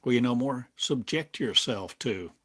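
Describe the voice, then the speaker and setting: An older man giving a slow, halting spiritual monologue as a teacher, speaking in drawn-out phrases with long pauses. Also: mid-range voice, lively intonation, fairly bright tone. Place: home in a small town, drinking coffee.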